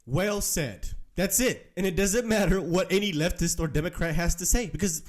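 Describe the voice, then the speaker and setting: Man, political commentary host, blunt, emphatic, somewhat high voice. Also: moderate pace.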